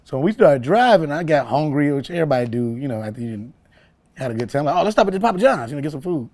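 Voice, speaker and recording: Animated laughing male comedian storyteller. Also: on the high side, fast. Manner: animated storyteller, laughs often, acts out voices. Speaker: comedian guest. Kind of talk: storytelling in an interview.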